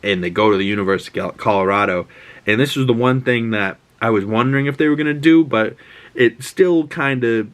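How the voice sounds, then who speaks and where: A man excitedly recapping a TV episode in a casual, rambling way, with many fillers and restarts. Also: medium pitch, a little fast. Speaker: show recap host.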